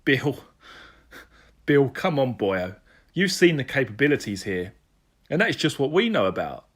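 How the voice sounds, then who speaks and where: A man's voice: medium pitch, big pitch swings, moderate pace. A man voicing a Welsh police sergeant who talks in a blunt, teasing way, with a Welsh accent. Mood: joking. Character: Welsh male police sergeant, jokey and crude.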